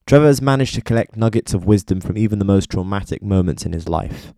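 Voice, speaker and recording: A man with a very deep, dark voice narrates a biography from a script. He is measured and speaks straight to the listener, and the recording is close and dry. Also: animated, dry recording. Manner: measured, addresses listener directly. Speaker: documentary narrator.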